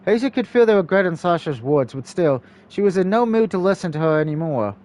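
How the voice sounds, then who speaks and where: A man narrating a story-driven game aloud for a let's play. His voice sits fairly high for a man, and he reads the text in a steady, storybook way. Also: fairly quick.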